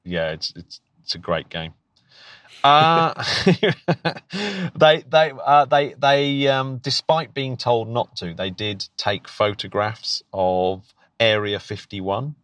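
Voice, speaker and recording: A man's voice: mid-range voice, lively intonation, slow pace, fairly bright tone, clear, resonant tone, no room sound. A British man, a podcast co-host and teacher, chatting casually and eagerly with frequent restarts and laughs. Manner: enthusiastic, stumbling restarts, laughs often. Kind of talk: casual chat.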